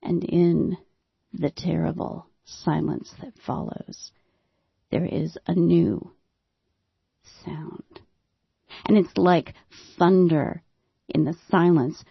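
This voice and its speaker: Woman, storyteller, slow deliberate delivery, suspenseful hushes, dry dull sound. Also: lowish voice, fairly even intonation, creaky, breathy edge, no room sound. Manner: dramatic, drops to hushed tones for suspense. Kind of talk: first-person storytelling monologue.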